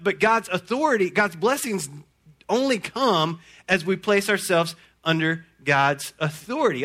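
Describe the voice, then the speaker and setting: A man preaching a sermon to a congregation, folksy and energetic, often repeating words as he talks. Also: sits high. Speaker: pastor.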